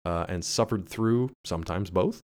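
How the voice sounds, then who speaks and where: A man's voice: deep voice, moderate pace, darkish tone. A man co-hosting a podcast in casual chat, sardonic and profane, with exaggerated complaints. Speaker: podcast co-host.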